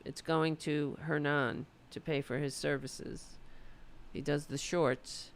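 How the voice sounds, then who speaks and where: A woman from the United States hosting a political livestream, chatting loosely and swearing, her voice going hoarse. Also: sits low, fairly even intonation, slow. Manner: loose, profane, rambling. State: losing her voice. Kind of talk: casual livestream chat.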